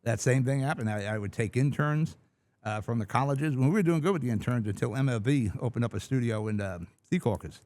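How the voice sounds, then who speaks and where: A middle-aged man holds forth on his own talk radio show, recorded in a large studio. He is blunt and opinionated, drifting from one point to the next in a loose, rambling monologue. His voice sits at an ordinary middle pitch. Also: expressive, a little fast, darkish tone.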